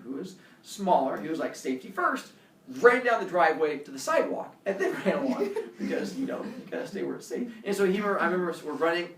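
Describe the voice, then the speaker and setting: Animated man telling a story. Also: fairly high pitch. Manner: lively, acts out scenes with shouts and voices. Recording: echoey room, mic far off.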